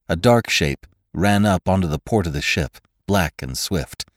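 Very deep-voiced male audiobook narrator. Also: measured pace, hardly any pauses, no echo, clean studio sound. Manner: expressive, swelling louder in action scenes. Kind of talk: scripted story narration.

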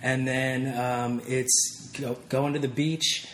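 A man's voice: mid-range voice, little pitch movement, takes it slowly, a bit bright, roomy sound. Candid, chatty man guest. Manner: candid, laughing, with many fillers and restarts. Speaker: interview guest. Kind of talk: casual interview chat.

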